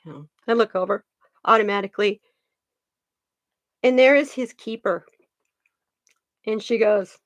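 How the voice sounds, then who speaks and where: Brief: mid-pitched woman host, earnest storyteller, dry close sound. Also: a little slow, long pauses, no echo, muffled recording. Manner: earnest, animated, trailing restarts. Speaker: card reader and channel host. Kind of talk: casual storytelling chat.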